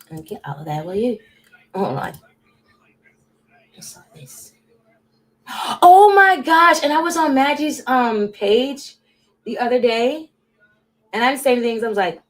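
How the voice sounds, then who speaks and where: Chatty rambling woman on a livestream. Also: mid-range voice. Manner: rambling, chatty, talks straight to chat viewers; drifts between loud bursts and muttered asides. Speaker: livestream host. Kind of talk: casual livestream chat.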